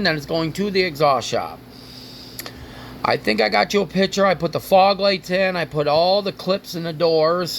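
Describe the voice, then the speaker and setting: A man's voice: fairly high pitch, fairly bright tone, slight background noise. A man hosting his own car vlog, rambling and ranting casually with frequent swearing. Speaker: car vlogger.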